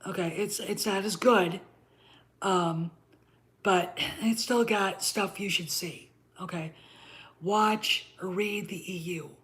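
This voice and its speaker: A woman's voice: medium pitch, takes it slowly, a bit bright. A middle-aged woman vents at her audience in blunt, profanity-laced commentary. She keeps stopping to demand "okay?" and "all right?" as she drives her points home. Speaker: channel host. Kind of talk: ranting commentary to camera.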